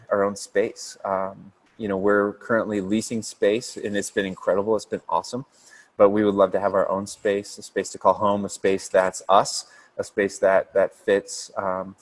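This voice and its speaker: A man with a low voice talks about his church in a casual interview. His delivery stays flat and even, earnest and unhurried, full of ums and small restarts. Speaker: pastor starting a new church campus.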